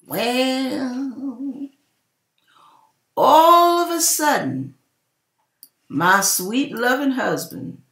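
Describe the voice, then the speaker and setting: A woman's voice: a little high, fairly bright tone. An older woman tells a personal story with plenty of animation. Her voice rises and falls widely, and she acts out other people's voices as she goes. The room is echoey, with faint music underneath. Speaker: channel host telling a testimony.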